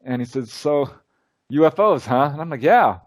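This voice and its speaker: In a somewhat high voice at a moderate pace, the man, a UFO researcher and lecturer being interviewed, shares casual stories with energy. Quoted lines get acted out in his telling.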